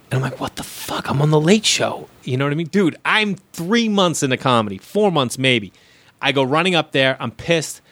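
A man's voice: mid-range voice, no echo. A man, a comedian telling stories from his early years in a casual chat, acting out the people he quotes and swearing freely. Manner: animated storyteller, acts out quoted voices, swears freely. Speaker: comedian guest.

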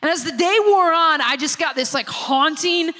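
High-voiced woman telling her testimony. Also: moderate pace. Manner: lively storyteller who acts out the people she quotes. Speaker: speaker giving a church testimony. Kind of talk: sermon-style personal testimony. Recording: long reverb of a large hall.

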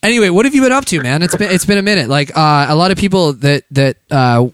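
Lively teasing American man host. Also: fairly high pitch, smooth, no room sound, clean studio sound. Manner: excitable, teasing, quick jokey rambling. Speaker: radio show co-host. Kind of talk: comedic interview banter.

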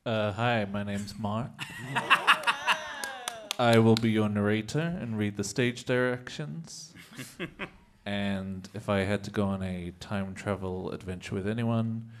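A man's voice: fairly low pitch, animated, slow pace, fairly bright tone, slight background noise. A man narrating stage directions at a live comedy reading in a mock-earnest way.

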